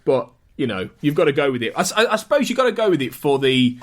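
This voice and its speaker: A man hosting a podcast, talking in a chatty, animated way with frequent restarts. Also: a little high, fast talker. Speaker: podcast host. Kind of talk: casual chat.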